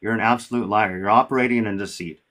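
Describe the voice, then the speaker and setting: A man's voice: on the low side, steady tone, fast, fairly bright tone. A man hosting a live-stream debate, combative and profane, talking over his guest.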